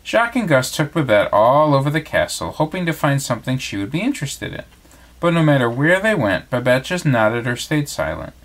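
A father reads a bedtime story aloud in a lively, expressive way. His voice moves freely up and down as he narrates. He sits at an ordinary, middle pitch for a man. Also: a little fast. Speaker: father reading bedtime stories.

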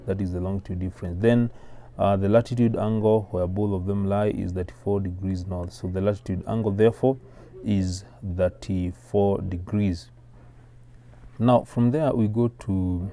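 A man with a Kenyan accent, tutoring maths step by step in a methodical way and pausing often with "uh". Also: low voice, mellow, a little hiss or hum. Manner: methodical, explains slowly with many "uh" pauses.

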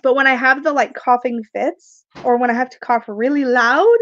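Coughing and working through cough drops, a woman who makes tarot videos does a live unboxing, rambling casually, laughing and reading out viewer comments. Her voice is high-pitched at a moderate pace, and the sound is lo-fi.

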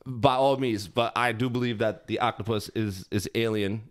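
A man co-hosting a casual podcast chat, talking haltingly with repeated words and fillers. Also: on the low side, steady tone. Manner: hesitant, repeats himself with many fillers. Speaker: podcast co-host.

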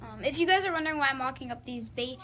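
A woman's voice: high voice, animated, very fast. A woman vlogging casually while walking around her house, chatting in a rambling way with lots of fillers and restarts. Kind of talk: casual vlog chat.

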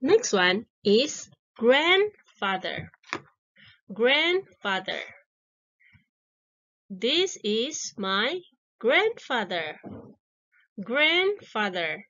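Slow, lively woman teaching children English. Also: fairly high pitch, muffled recording. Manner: encouraging, drawn-out words repeated twice.

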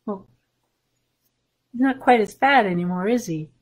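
A woman librarian reading a picture book aloud to children at story time, animated and asking them questions. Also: mid-range voice, unhurried, husky.

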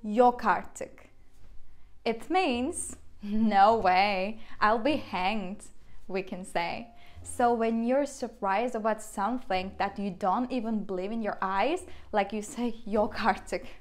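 A young Turkish woman with a Turkish accent works as a language teacher, giving a relaxed lesson on phrases using everyday examples and laughing often. She speaks slowly in a medium-pitched voice, with faint music in the background.

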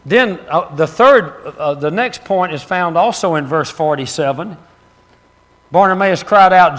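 A man preaching a sermon as pastor, telling stories with laughter and loud exclamations. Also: on the high side, expressive, unhurried. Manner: storytelling, laughs at his own stories, rises to loud exclamations.

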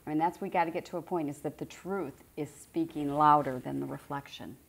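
A woman's voice: low-pitched, steady tone, fairly quick, gravelly. A middle-aged woman giving an informal spiritual teaching to a group, conversational and repeating phrases for emphasis.

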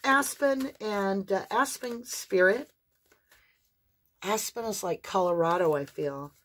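This is a woman giving a spiritual tarot reading to her viewers. She talks in an animated, chatty way and often lifts into a sing-song emphasis. Her voice sits at a middling pitch. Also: slow. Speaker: tarot reader.

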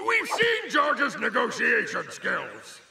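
A high, gravelly, officious cartoon ape over music. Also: male voice, huge pitch swings, slow pace, over a noisy crowd, heavily acted, rough recording. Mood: explaining. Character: fussy talking ape, jungle advisor.

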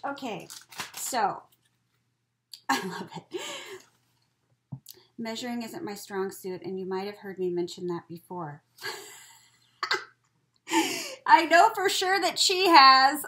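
A woman's voice: fairly high pitch, animated, slow pace, long pauses, bright, forceful tone, rough recording. A woman chatting casually as she opens craft mail, gushing and giggling with frequent exclamations. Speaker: crafting vlogger opening mail. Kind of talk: casual unboxing chat.

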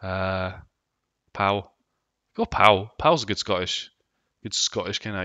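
A man's voice: low-pitched, takes it slowly, bright, forceful tone, no echo, lo-fi sound. A man with a London accent chatting casually and joking while he streams a game and reads out chat messages. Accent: London English. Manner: rambling, jokey, swears casually, reads out chat. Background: game music.

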